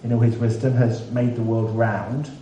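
A man preaching a sermon in a relaxed, conversational way with dry humour. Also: medium pitch, moderate pace, lo-fi sound. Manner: conversational, self-deprecating humour. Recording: echoey room, mic at a distance, faint background hiss.

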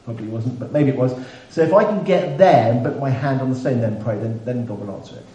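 A man preaching a sermon in a relaxed, conversational way with dry humour. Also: mid-range voice, fast, lo-fi sound. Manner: conversational, self-deprecating humour. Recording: echoey room, mic at a distance, faint background hiss.

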